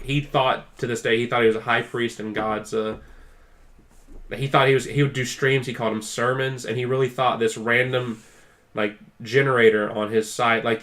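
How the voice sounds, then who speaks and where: A man's voice: medium pitch, fairly bright tone. Rambling, filler-heavy male podcast storyteller. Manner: acts out quoted people with raised intensity. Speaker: podcast co-host. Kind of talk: casual chat.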